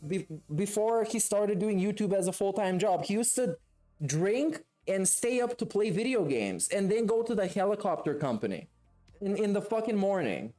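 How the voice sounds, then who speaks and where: A male streamer giving live reaction commentary. He swears constantly and tears into his target with scorn, and his voice swings widely in pitch as he rants. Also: expressive, normal speed, dark tone, soft background music. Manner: profane, mocking, scornful rants.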